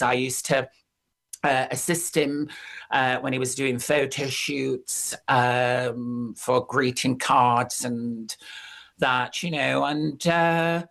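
An older speaker reminisces in an unhurried, drawn-out way. The talk rambles through plenty of fillers and restarts, then leaps up in pitch when excited. The pitch sits in a middle range. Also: gravelly. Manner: rambling and animated, with frequent fillers and sudden high pitch jumps. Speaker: interviewee, former pop singer. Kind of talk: casual reminiscing.

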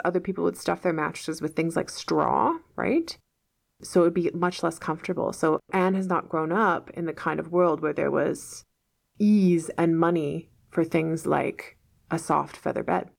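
Woman English teacher, patient and methodical, lowish voice with vocal fry. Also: moderate pace. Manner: patient, step-by-step, checks with "right?". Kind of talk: explaining a novel to learners.

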